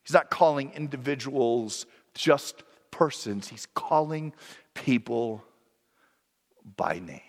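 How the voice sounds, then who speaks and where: A man's voice: medium pitch, expressive, slow, long reverb tail. A man preaching a sermon in an earnest, reflective way, sometimes correcting himself mid-sentence.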